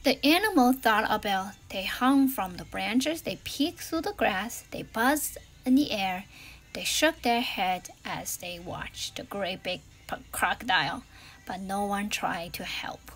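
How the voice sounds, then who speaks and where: A woman reading a children's storybook aloud in an expressive way, swinging between loud and hushed. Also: mid-range voice, a little slow. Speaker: storybook reader.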